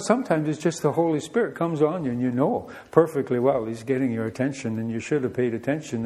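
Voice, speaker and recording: A man's voice: medium pitch, dark tone. A middle-aged man, preaching a sermon in a conversational, storytelling way full of rhetorical questions. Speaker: pastor.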